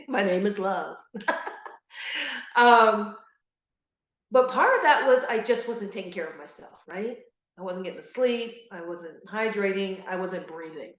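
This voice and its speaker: A middle-aged woman giving an earnest, animated motivational talk to grieving parents, repeating key phrases for emphasis. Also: mid-range voice, unhurried, long pauses, echoey room. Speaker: guest speaker on grief support.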